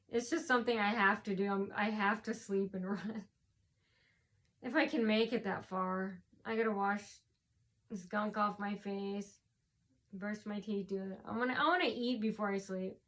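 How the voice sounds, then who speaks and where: A woman's voice: medium pitch, steady tone, normal speed, fairly bright tone. Tired woman vlogger, rambling storytime, lots of fillers and restarts, worn out from no sleep.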